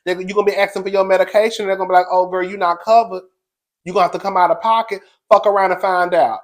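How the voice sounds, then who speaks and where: This reality recap host talks at a racing clip in a high-pitched voice with little pitch movement. His casual gossip is brash, profane, and sassy, punctuated by frequent laughter.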